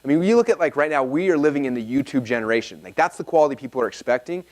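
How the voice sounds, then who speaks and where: A man's voice: mid-range voice, racing. A man leading a live workshop seminar, telling stories energetically and checking in with his audience. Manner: energetic, animated storyteller, often checks in with the audience. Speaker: workshop speaker. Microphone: filmed talk.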